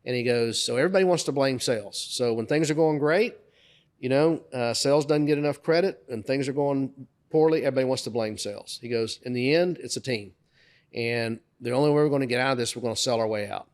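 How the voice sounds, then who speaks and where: A middle-aged man of middle pitch, co-hosting a podcast and spinning stories from his working life. He talks casually, with fillers, and jumps higher and louder when he plays the bosses he quotes. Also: fast talker. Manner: lively anecdotes, raising his voice to act out quoted bosses. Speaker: podcast co-host. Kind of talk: casual storytelling chat.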